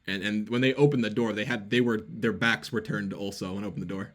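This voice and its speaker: A man's voice: fairly low pitch, steady tone, fast, few pauses, a bit bright. Rambling young man telling a story. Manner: rambling, filler-heavy, self-mocking. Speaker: avatar vlogger. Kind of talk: casual storytelling.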